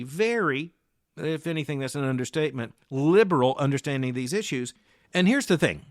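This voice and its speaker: A middle-aged man from the United States hosting a daily news commentary, speaking in a measured, emphatic way with deliberate pauses. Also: a little high, a bit bright, no room sound, clean studio sound. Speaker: podcast host.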